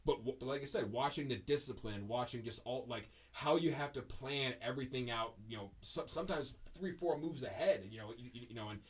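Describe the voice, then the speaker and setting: A man hosting a podcast in casual chat, talking haltingly with lots of fillers and restarts. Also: mid-range voice, slightly rough. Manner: halting, heavy on fillers and restarts, laughs easily. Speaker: podcast host.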